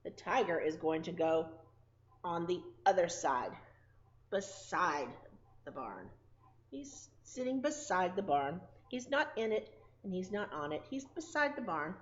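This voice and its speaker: A woman preschool teacher leads a circle time lesson. She talks slowly and sing-song to small children. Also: lowish voice, sing-song, lo-fi sound.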